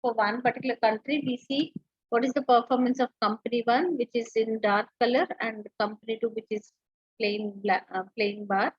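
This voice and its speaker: A woman's voice: on the high side, fairly even intonation, normal speed, breathy edge, no room sound, dull audio. A woman teacher giving an online lecture, explaining step by step with frequent fillers and restarts.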